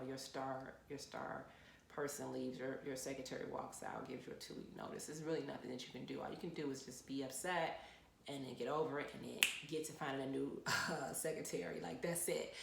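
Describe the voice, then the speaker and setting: A woman with a low voice gives blunt, lively advice, often repeating herself for emphasis as she tells a story. Her voice echoes off a bare room. A faint background hum sits behind her. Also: creaky. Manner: frank, animated storytelling with repeated phrases. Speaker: lawyer. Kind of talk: casual advice talk to camera.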